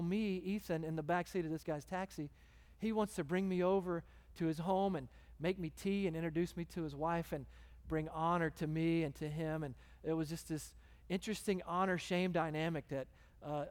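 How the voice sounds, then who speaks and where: Preacher telling a story. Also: male voice, on the high side. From Texas. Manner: conversational, animated storyteller. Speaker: guest preacher. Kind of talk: sermon storytelling. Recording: long hall reverb.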